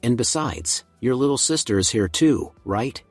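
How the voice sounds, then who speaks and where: A man's voice: mid-range voice, very animated, normal speed, slightly rough, no echo, soft background music. A man voicing a sweet, bold young woman who talks with breezy, innocent teasing.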